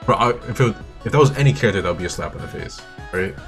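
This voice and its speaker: Brief: young male host, casual rambling commentary, lowish voice, soft music behind. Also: expressive, rapid-fire. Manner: enthusiastic, swears often, repeats himself. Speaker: video host. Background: faint game music.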